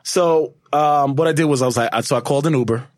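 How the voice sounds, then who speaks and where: A man telling a long story to friends in casual chat, animated and often laughing, acting out what he said back then. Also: fairly high pitch, quick pace, no echo, clean studio sound. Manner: animated, laughing, acts out his own past lines.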